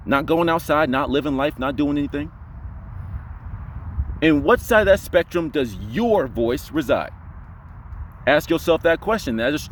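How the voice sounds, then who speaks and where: A young man giving casual voice advice to camera, emphatic and full of rhetorical questions, sometimes dropping into a deep voice to demonstrate. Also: a little hiss or hum. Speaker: voice coach vlogger.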